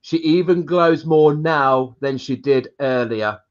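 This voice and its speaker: Relaxed, slow-talking male host, slightly high voice, lo-fi stream sound. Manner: relaxed, reads out viewer comments. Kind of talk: casual live-stream chat. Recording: dull lo-fi stream audio.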